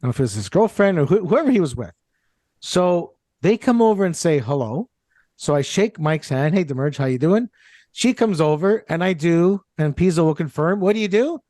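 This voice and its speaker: A man with a notably high voice tells a story among friends, slipping into the voices of the people in it. The sound is dry and close, with no room around him. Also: lively intonation, a little fast, mellow, no echo. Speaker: radio co-host. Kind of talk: casual storytelling chat.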